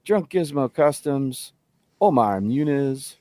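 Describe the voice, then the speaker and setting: Animated man hosting a live chat. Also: mid-range voice, takes it slowly, dry recording, studio quality. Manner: animated, laughing, reading out viewer names. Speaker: co-host of a livestream show.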